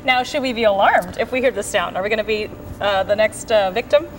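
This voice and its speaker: A woman hosting a gardening segment, asking guests brisk questions and slipping in the odd pun. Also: mid-range voice, a little hiss or hum. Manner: brisk, playful with puns. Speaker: host.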